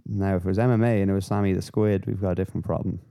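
A man hosting a podcast, rambling through casual, sweary, animated rants. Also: low-pitched, rapid-fire, vocal fry, clear, resonant tone. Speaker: podcast host. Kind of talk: casual chat.

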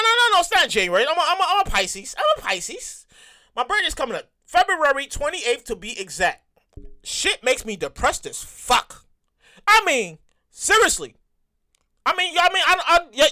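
Animated, profane woman in her thirties ranting. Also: high voice. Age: 30s. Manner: profane, repetitive, animated ranting with mock voices. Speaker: comedian. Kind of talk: stand-up style comic rant.

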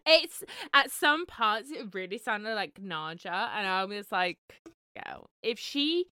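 A young woman co-hosts a podcast in excitable, gushing casual chat with casual swearing. Her voice is bright and crisp. The recording is close and dry. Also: mid-range voice, unhurried, no room sound. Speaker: podcast co-host.

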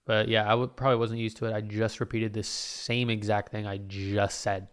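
A man's voice: fairly low pitch, level tone, brisk, hardly any pauses, smooth. A man hosting his own podcast alone, rambling in a self-mocking way and swearing often. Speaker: podcast host. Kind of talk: casual solo podcast monologue.

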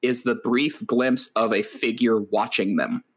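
A man's voice: mid-range voice, fairly even intonation, measured pace, husky. A man co-hosting a podcast, telling stories in a wry, rambling way with lots of filler words. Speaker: podcast co-host. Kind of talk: casual chat.

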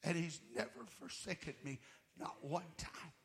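A male guest minister preaching a sermon, telling his own story with emotion, swinging from fervent loud passages to hushed near-whispers. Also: a little high, animated, measured pace, gravelly. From United States. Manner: emotional testimony, voice rising to loud fervor and dropping to near-whisper.

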